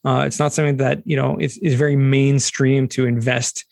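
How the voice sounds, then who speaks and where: A man's voice: medium pitch, little pitch movement, normal speed, vocal fry, a little mellow, no room sound, clean studio sound. A man in his forties hosting a podcast interview, enthusiastic and upbeat. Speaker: podcast host.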